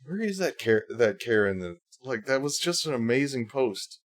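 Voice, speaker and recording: A man's mid-range voice swings widely in pitch at a normal speed. Hosting a casual livestream, he reads posts out loud and sarcastically mocks them in fake whiny voices, rambling with many fillers and restarts.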